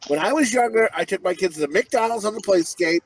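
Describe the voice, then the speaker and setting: A man with a high, lively voice tells a profane story on a podcast. He swears freely and keeps his delivery animated. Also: fairly quick, husky, no room sound, rough recording. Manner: profane, animated, acts out shouted quotes. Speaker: podcast co-host. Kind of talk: crude comedic storytelling.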